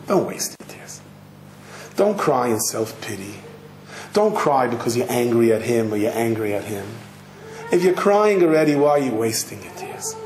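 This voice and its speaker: A rabbi telling a story in a sermon, animated and dramatic. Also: male voice, medium pitch. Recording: echoey hall, faint noise.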